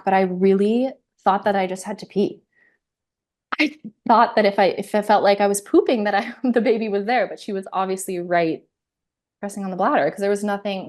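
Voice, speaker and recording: A woman in her thirties telling her own story as an interview guest, candid and animated, laughing often and acting out her inner voice. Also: medium pitch.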